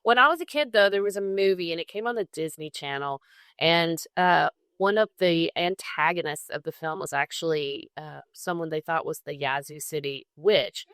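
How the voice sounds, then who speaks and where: A woman's voice: sits low, moderate pace, fairly bright tone, smooth, no room sound, studio quality. A young woman with a Southern accent, casually telling a folklore story on a podcast and laughing often. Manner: chatty, laughs often, enthusiastic about folklore. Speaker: guest co-host.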